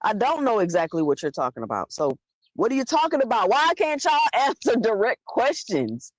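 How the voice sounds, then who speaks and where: A woman's voice: fairly high pitch, big pitch swings, normal speed, no room sound. Blunt woman host talking to chat. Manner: blunt, argumentative, talks straight to the chat. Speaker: livestream host. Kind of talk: live commentary talking to chat.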